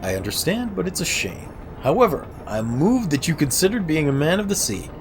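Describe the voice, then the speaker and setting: A man with a sore throat voicing a friendly, grown sailor who warmly invites a young hero to sea and says goodbye. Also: fairly high pitch, sing-song, fairly quick, pitched above the performer's own voice. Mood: warm farewell. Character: friendly grown male sailor bidding farewell.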